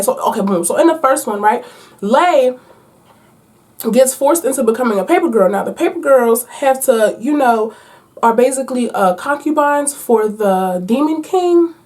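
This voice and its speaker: Chatty, animated woman book vlogger. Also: high-pitched. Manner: chatty, animated, playful slang. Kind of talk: casual chat to viewers. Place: at home.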